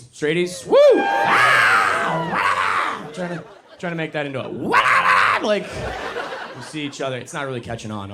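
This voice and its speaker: A man's voice: medium pitch, very noisy. A young man doing a stand-up comedy set on a club stage into a handheld mic, casual and self-deprecating, working the crowd.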